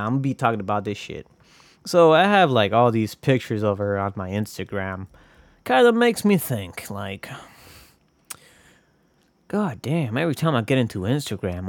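A man's voice: on the low side, big pitch swings, normal speed, no room sound. Rambling, swearing male podcaster. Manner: rambling, swears a lot, jokey asides. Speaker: podcast host. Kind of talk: casual solo podcast monologue.

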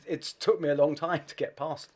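A man's voice: fairly high pitch, fairly even intonation, normal speed. A man talking as a guest in a casual chat, wry and self-deprecating as he tells stories.

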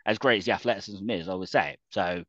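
A man's voice: low-pitched, rapid-fire, a bit bright, no echo, dull audio. A man chatting casually about wrestling as a podcast co-host, laughing often and restarting his sentences.

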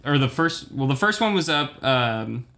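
A man's voice: mid-range voice, big pitch swings, moderate pace, pushed and bright, slight background noise. A man in casual chat, recommending a place with emphatic enthusiasm.

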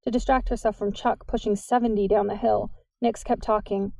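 A woman narrating a young-adult novel in a steady, lightly expressive way, close to the mic. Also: medium pitch, brisk, vocal fry, few pauses, no echo. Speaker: audiobook narrator. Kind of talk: scripted narration.

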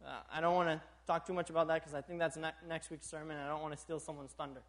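A young man delivers a sermon in a notably high voice. He keeps it animated, chuckles often and keeps checking that his listeners are with him. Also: fast talker. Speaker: preacher.

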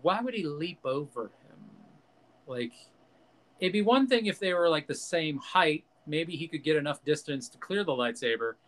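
A man riffs on a casual podcast, ranting, swearing and acting out lines for laughs. His voice sits a little high and he talks off the cuff. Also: animated, moderate pace, fairly bright tone. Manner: ranting, profane, jokey, acts out quotes. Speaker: podcast host.

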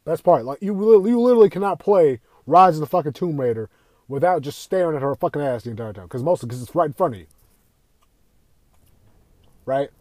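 Young dude on a podcast, heated rant, tons of swearing, higher voice. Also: male voice, expressive, brisk, pauses often, a little mellow, dry recording. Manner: heated, swearing, repeats himself, rhetorical questions. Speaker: podcast host. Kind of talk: profane opinion rant.

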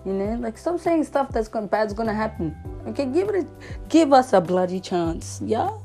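A young woman talks casually as a podcast host, her voice mellow and soft-edged. She tells things in a self-mockingly dramatic way and laughs often, with faint music behind her. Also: fairly high pitch, sing-song, normal speed. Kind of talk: casual monologue.

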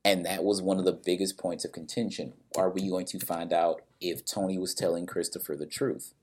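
A man's voice: deep voice, fairly even intonation, moderate pace, darkish tone, husky. A man casually recapping a story and its characters, bluntly and with some swearing, briefly acting out the lines of people in it.

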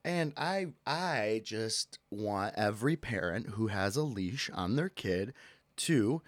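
A man's voice: on the low side, no room sound. A man hosting a casual podcast, ranting and joking about everyday gripes. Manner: animated, ranting, jokey, quick to yell out bits. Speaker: podcast host. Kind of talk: casual solo podcast rant.

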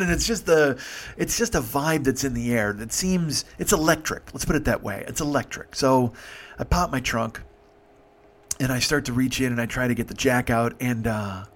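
Man in his fifties, casual storyteller, swears a lot, halting restarts, mid pitch. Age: 50s. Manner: profane, halting, animated. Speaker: podcast host.

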